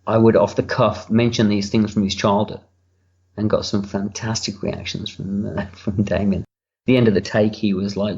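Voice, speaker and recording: A writer-director rambles through a candid, lengthy commentary from a room at home, cursing casually. His fairly low, slightly mellow voice barely moves in pitch and keeps a moderate pace, and the audio is lo-fi.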